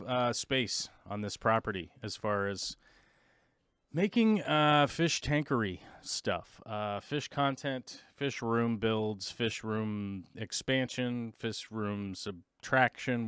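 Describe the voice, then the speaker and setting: A man in the middle of his range chats loosely on his own livestream, wandering through asides and fillers. His voice is smooth and resonant, and it is recorded close and dry. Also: medium pitch, a bit bright, no echo. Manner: rambling, with many fillers and brief mimicked voices. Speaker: livestream host. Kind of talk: casual livestream chat.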